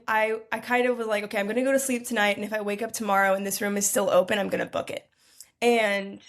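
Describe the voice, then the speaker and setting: A young woman telling a long personal story as a podcast guest in a lively, chatty way. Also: mid-range voice, vocal fry. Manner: lively, chatty, lots of "like" and "y'all". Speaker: podcast guest, food entrepreneur. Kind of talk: casual storytelling.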